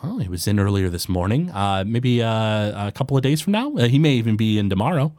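A man's voice: lowish voice, big pitch swings, fairly quick, a little mellow, dry recording, clean studio sound. A man voicing a cheerful female forest gnome baker who chats and hesitates. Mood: friendly. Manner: chatty, hesitant, gossipy.

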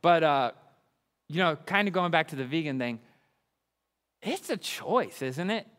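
Excitable preacher man in reverberant hall. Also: on the high side, a little slow. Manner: enthusiastic, excitable. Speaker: pastor. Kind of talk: sermon.

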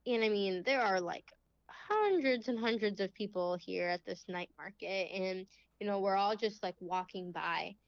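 A young woman guest telling a faith story in casual chat, full of "like"s and quick laughs. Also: mid-range voice, no room sound. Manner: chatty, many fillers and "like"s, laughs often. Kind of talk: casual testimony in a faith podcast. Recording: slightly dull, lo-fi.

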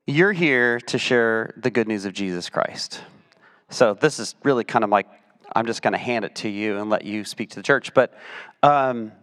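A man's voice: mid-range voice, a bit bright. A man leading a church service, interviewing a guest with prompting questions and lighthearted asides. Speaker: pastor.

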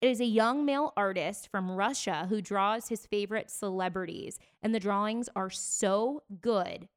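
A woman co-hosting a casual podcast, trading celebrity gossip in a chatty way. Her voice sits at an ordinary middle pitch. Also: normal speed. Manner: chatty, gossipy storytelling with bursts of laughter. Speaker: podcast co-host. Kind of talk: casual chat.

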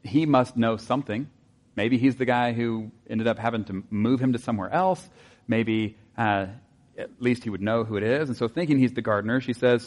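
Man, pastor, conversational sermon, rhetorical questions, soft asides. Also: medium pitch, moderate pace.

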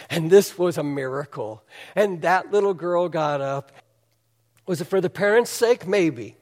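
High-voiced man preaching in a reverberant hall. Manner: animated storytelling, asks the audience questions. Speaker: pastor. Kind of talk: sermon.

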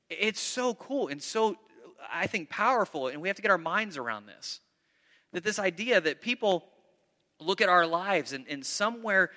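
A man preaching a sermon as pastor, telling a story with lively, acted-out quoted voices. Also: sits high. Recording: long reverb of a large hall.

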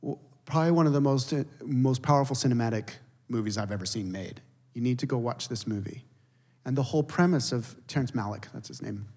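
A man preaching a sermon as a pastor, telling stories with animated emphasis and dropping to hushed, intense moments. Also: medium pitch, brisk, slightly rough. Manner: animated storytelling, shifts between loud emphasis and hushed intensity. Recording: long reverb of a large hall.

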